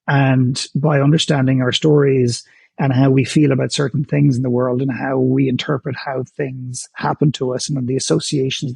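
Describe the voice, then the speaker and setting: Man, husky gravelly voice, blunt and emphatic, dry close mic. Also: mid-range voice, a little mellow, no echo. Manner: blunt and emphatic, with casual swearing and stammered restarts. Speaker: guest, author and speaker. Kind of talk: candid conversational interview.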